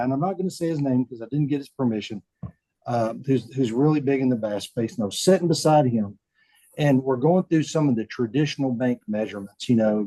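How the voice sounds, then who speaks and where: A man, a bank chief telling stories in a relaxed interview, folksy and often repeating words as he acts out quotes. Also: mid-range voice, no room sound, rough recording. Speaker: bank CEO, podcast guest. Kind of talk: casual storytelling interview.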